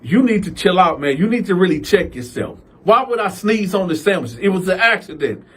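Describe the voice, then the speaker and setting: A smug grown man, defensive and mocking, as a storyteller puts him on. His voice is raised and quick, with a husky grain. He is told as part of a casual story. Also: high-pitched, expressive, pitched above the performer's own voice.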